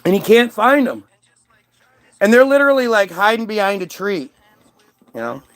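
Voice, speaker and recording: A man's voice: high voice, sing-song, normal speed, a bit bright. A man telling a crude, rambling comedic story, switching between silly character voices. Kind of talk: profane comedic monologue acting out characters.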